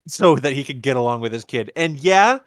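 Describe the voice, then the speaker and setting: A man's voice: mid-range voice, lively intonation, normal speed, dry recording, studio quality. A man hosting a podcast, casually retelling a movie and acting out the characters' lines with lots of stammered restarts. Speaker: podcast host. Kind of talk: casual movie rewatch chat.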